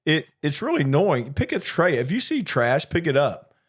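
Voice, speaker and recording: Animated man telling a cabin story. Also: on the high side, normal speed, husky. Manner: animated storyteller acting out quoted exchanges. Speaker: podcast co-host, flight attendant. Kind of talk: casual storytelling chat.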